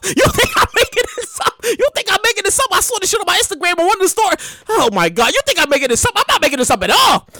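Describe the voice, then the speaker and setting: High, wildly animated woman commentator. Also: fast, few pauses, dry recording. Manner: animated, exclaiming, laughing, incredulous. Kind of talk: comedic commentary vlog.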